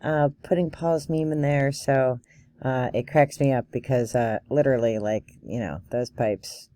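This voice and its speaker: Woman, casual vlog chat, chatty, laughs often, mellow, dry recording. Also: extremely low pitch, a little slow, no echo. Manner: chatty storyteller, laughs often, many fillers. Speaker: bagpiper and vlogger.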